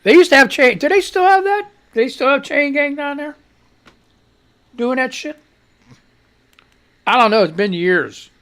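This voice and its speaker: A man's voice: extremely high pitch, lively intonation, unhurried, long pauses, a bit bright. A man hosting a casual live radio talk show, rambling and swearing freely, congested and wheezing with a cough. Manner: rambling, profane, laid-back.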